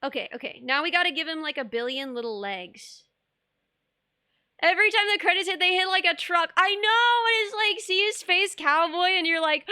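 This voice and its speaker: A woman's voice: very high-pitched, moderate pace, bright, forceful tone, no echo, studio quality. A young woman streaming live, chatting casually while she sculpts, bubbly and rambling, laughing often and reading chat aloud.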